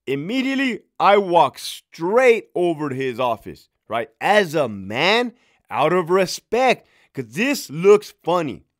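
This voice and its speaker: A man's voice: a little high, takes it slowly. A man and former prison officer telling a casual, profane story, laughing as he goes. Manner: animated, profane, laughing as he tells it.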